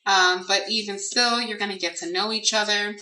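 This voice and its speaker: A woman's voice: mid-range voice, steady tone, normal speed. A woman giving a casual card reading, musing and hesitant, speaking aloud to Spirit with many fillers. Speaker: tarot and oracle card reader. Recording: echoey room, distant mic, faint noise.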